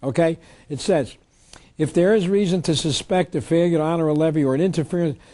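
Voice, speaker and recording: A man's voice: on the high side, brisk, mellow. A man giving an emphatic public lecture on tax law, reading legal text aloud. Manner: emphatic, reads statutes aloud.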